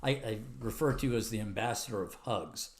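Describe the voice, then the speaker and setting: A man hosting an interview, admiring and enthusiastic, with halting restarts. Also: fairly low pitch, roomy sound. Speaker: podcast host. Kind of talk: interview chat.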